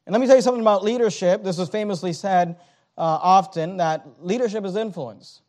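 High-pitched man preaching a sermon. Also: a little fast, darkish tone. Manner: preaching, reads scripture aloud with rising emphasis. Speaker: pastor.

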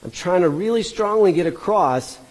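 A husky-voiced man with a slightly high pitch, teaching a Bible passage in an earnest, explanatory way. He sometimes breaks off to correct himself mid-phrase. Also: lively intonation, normal speed, a little mellow, low-quality recording.

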